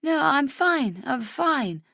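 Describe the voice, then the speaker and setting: A woman reading an audiobook voices a drunk young British mother with slurred, bubbly, high-pitched speech. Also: expressive, slow pace, no room sound, clean studio sound. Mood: tipsy.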